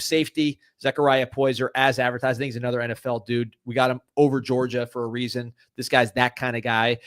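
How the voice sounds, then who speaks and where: A man's voice: medium pitch, no echo, clean studio sound. A man co-hosting a podcast, in casual sports chat, rambling through confident opinions. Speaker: podcast co-host.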